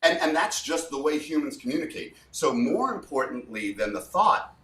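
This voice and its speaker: A man's voice: mid-range voice, sing-song, normal speed, bright, forceful tone. A man, a guest communication coach, explaining emphatically and repeating points for effect. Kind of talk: animated explanation with spoken demos. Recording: roomy sound, far from mic.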